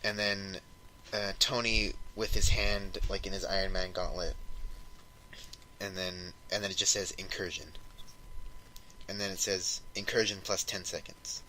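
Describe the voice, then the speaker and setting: A man's voice: low voice, fairly even intonation, a little slow, long pauses, pushed and bright, a little hiss or hum, low-quality recording. A man co-hosting a podcast, casually retelling a comic story and acting out the characters' lines with lots of "like". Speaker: podcast co-host.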